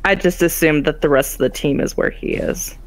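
A woman co-hosting a let's play, trading deadpan jokes as she watches the game. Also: low-pitched, brisk. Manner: deadpan, joking. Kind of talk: casual gameplay commentary.

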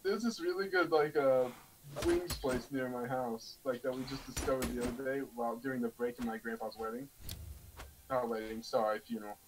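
A man's voice: medium pitch, brisk, noisy background. A young man chatting casually with a friend while gaming, rambling and laughing, full of fillers. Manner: giggly, rambling, filler-heavy. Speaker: gamer.

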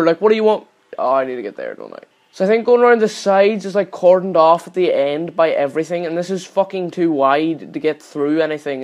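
A young channel host with a fairly high voice gives casual gameplay commentary. He swears constantly and yells at the game whenever things go wrong.

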